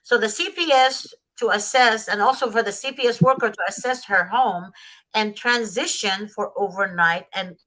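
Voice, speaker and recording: Woman, host, bright forceful voice, emphatic, repeats advice. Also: mid-range voice, moderate pace, rough recording. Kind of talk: advocacy talk show with guests.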